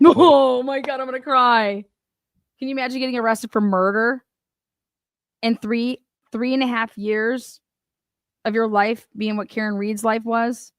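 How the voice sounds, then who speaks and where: A woman's voice: a little high, steady tone, unhurried, smooth, no room sound, studio quality. Blunt, foul-mouthed woman host. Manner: blunt, profane, mocking. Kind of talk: casual commentary on news clips.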